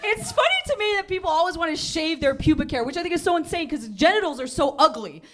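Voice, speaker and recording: A woman's voice: very high voice, fast, heavy background noise. A young woman doing a rambling, giggly stand-up set on a small club stage. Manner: rambling, giggly, deadpan-absurd. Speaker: stand-up comic. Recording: live club crowd audible. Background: audience laughter.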